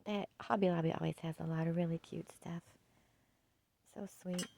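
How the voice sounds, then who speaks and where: A woman chatting casually through a home decor haul, gushing and soft-spoken, often dropping to a hush. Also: on the low side, fairly even intonation, moderate pace, vocal fry, slight background noise, poor audio. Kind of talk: casual shopping haul chat.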